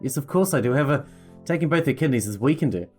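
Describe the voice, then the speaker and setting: A man's voice: medium pitch, animated, fast, a little mellow, slightly rough, soft background music. Man reading a determined male scientist. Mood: explaining. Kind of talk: reading a visual novel aloud.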